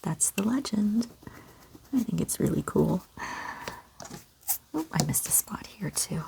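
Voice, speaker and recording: A gentle, encouraging woman from Canada, talking kids through a step-by-step drawing lesson in a soft voice. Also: mid-range voice, very animated, a little slow, creaky, whispered. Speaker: children's art teacher.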